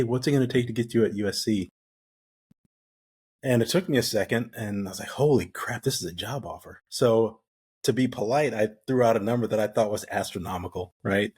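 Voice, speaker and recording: A middle-aged man from the United States speaks as a guest in a relaxed interview, with a husky voice that sits low. He tells his story in a lively way and acts out the lines of the people in it. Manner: animated storyteller who acts out quoted dialogue. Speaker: guest, retired Navy SEAL.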